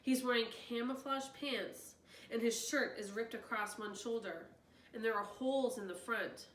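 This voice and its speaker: Female storyteller, expressive, breaking in with excited asides; roomy sound, faint noise. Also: a little high, normal speed, recorded from a distance. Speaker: reader, channel host. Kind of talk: reading a novel aloud.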